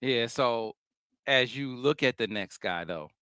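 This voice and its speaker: A man hosting a casual sports talk show, speaking in a measured, analytical way with frequent restarts. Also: medium pitch, lively intonation, sharp tone, clear, resonant tone, no room sound.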